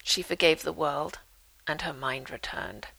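Brief: author reading her own memoir, lower-pitched woman, lively storyteller. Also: a little slow, gravelly, slightly rough, rough recording. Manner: lively storyteller, dry humor.

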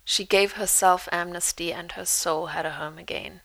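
Brief: author reading her own memoir, lower-pitched woman, lively storyteller. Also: normal speed, poor audio. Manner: lively storyteller, dry humor.

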